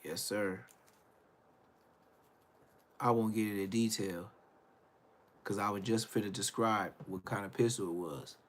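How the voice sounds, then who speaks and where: A man hosting his own live stream, talking in a casual, blunt and profane rant that rambles, trails off and restarts, swinging between low mutters and loud outbursts. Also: fairly even intonation, unhurried, long pauses.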